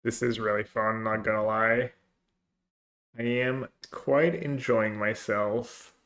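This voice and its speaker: A man's voice: fairly low pitch, fairly even intonation, takes it slowly, a bit bright. A man casually commenting on his own card game, muttering and thinking aloud as he plays. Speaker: streamer playing a card game.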